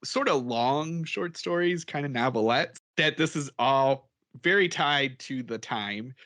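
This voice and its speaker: A man with a bright, forceful voice chatting casually on a podcast. He rambles and chuckles often as he talks things through. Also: mid-range voice, a little slow. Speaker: podcast co-host. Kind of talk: casual chat.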